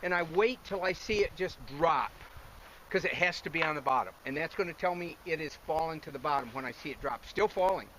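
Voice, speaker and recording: Breathless man fishing outdoors, excited. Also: fairly high pitch, a little fast, slight background noise, low-quality recording. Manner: excited, folksy, talks to viewers directly. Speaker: fishing show host. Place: outdoors on a river bank.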